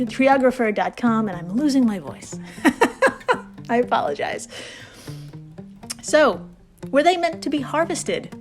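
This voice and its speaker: A woman hosting a casual storytelling podcast, swearing freely and laughing at her own asides. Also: on the high side. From New York. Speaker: podcast host.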